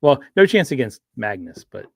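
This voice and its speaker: A man's voice: medium pitch, big pitch swings, normal speed, gravelly, slightly rough, no echo, studio quality. A man chatting casually on a livestream, rambling with frequent restarts and fillers. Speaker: streamer.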